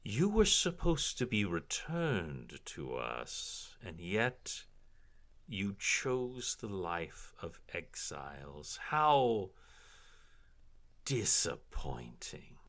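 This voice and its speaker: A man voicing a haughty, cruel drow matron who speaks in a cold, drawn-out sneer. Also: low voice, wildly swooping pitch, a bit bright, full character voice. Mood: contemptuous.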